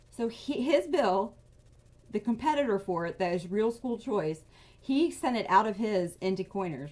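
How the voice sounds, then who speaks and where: A fired-up woman with a twang rants through casual political commentary, her voice sitting at an ordinary middle pitch. She vents in quick, agitated bursts, talking straight to her viewers. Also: expressive, darkish tone. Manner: agitated, venting, rapid bursts of outrage. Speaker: political advocacy vlogger.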